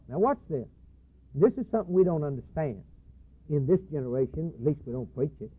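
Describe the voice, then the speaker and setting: A man preaching a fervent, dramatic sermon and acting out the voices of figures. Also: a little high. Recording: husky tinny phone-like broadcast.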